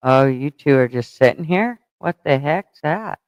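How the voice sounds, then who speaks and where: Male livestream host, rambling and profane, smooth tone in a dead-dry space. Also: fairly high pitch, animated, measured pace, no echo, low-quality recording. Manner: rambling, thinks aloud while fumbling with stream setup; blunt and profane, mock-scolding chat. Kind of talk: casual livestream chat.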